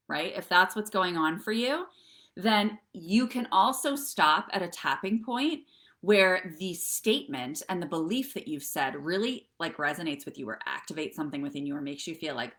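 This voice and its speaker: Woman wellness coach, middle-aged, lowish voice, chatty, keeps asking okay. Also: expressive, moderate pace, a bit bright. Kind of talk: live-streamed breathwork lesson.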